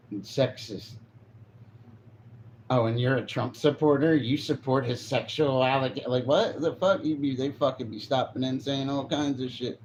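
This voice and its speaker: A man's voice: medium pitch, a little mellow. Male streamer, casual and profane, rambling; muffled lo-fi audio with light background noise. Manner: rambling and profane, reacting to chat. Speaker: live streamer. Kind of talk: casual chat.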